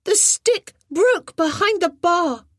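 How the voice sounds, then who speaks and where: A woman voicing a small, stubborn young boy who turns remorseful, with a high, eager and insistent manner in an audiobook. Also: animated, a little slow, no room sound, studio quality. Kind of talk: audiobook character voice.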